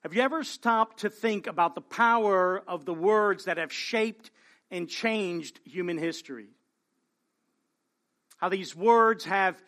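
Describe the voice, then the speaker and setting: Bright-voiced earnest male pastor. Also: sits high. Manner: earnest, keeps adding "right?" to his points. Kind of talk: sermon.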